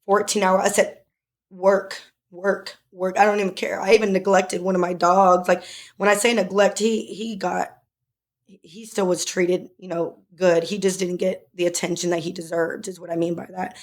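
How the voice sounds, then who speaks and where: Speaking with a lowish voice that barely moves in pitch, at a normal pace, a young woman co-hosts a podcast. She recounts something personal in an emotional, casual conversation, sometimes tearful and heavy with fillers.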